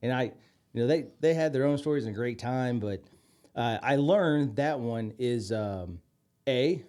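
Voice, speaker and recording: A man's voice: mid-range voice, lively intonation, a little slow, warm tone. Rambling man telling a story. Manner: rambling, many fillers and restarts. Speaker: podcast co-host. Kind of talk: casual chat, storytelling.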